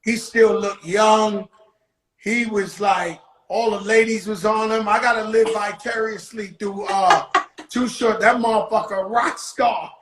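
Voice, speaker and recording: A man's voice: high voice, fairly even intonation, a little slow, fairly bright tone, roomy sound, a little hiss or hum, rough recording. A man interviewing a guest in loose, joking street slang, swearing freely and teasing. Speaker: interviewer, rapper. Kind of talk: casual interview chat.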